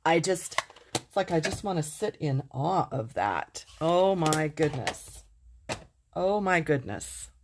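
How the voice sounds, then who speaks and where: A woman's voice: deep voice, animated, slow, background noise. A middle-aged woman teaching card making in a casual demonstration, gushing with enthusiasm and talking straight to her viewers.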